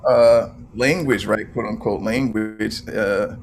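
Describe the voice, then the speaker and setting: A man on a dance panel, explaining his thoughts calmly and reflectively. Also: fairly low pitch. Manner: thoughtful, explanatory, slow in places.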